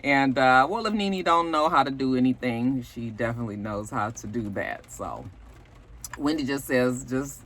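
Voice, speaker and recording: A young adult woman gives a casual, blunt recap of a reality show, sassy and gossipy, with frequent asides and swearing. Her voice is a rumbling low one with a fairly bright tone, at normal speed.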